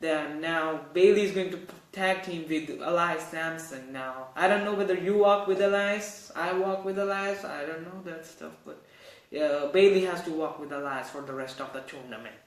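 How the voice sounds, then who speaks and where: Man, high voice, rambling news chat, self-correcting, echoey room. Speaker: host. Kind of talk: casual news commentary.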